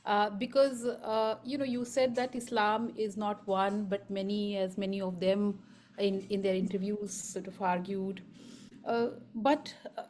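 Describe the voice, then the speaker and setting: A woman at a conference asking a long, searching question, thinking aloud and pausing often. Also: mid-range voice, little pitch movement, a little mellow, slight background noise. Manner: halting, many fillers and restarts, thinking aloud. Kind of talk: spontaneous academic question.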